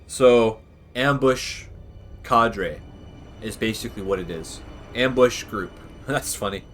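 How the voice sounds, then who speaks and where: A man's voice: fairly low pitch, slow, soft background music. Rambling man commentating gameplay. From Canada. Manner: chatty, drifts into rambling tangents. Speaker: gaming channel host.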